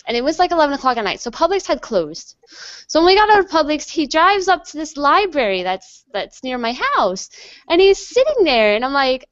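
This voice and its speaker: A young American woman, a guest on an online interview, telling a story with lively acted-out dialogue. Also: sits high, dry recording. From USA. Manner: animated storyteller acting out dialogue. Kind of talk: casual interview chat. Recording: dull lo-fi online call audio.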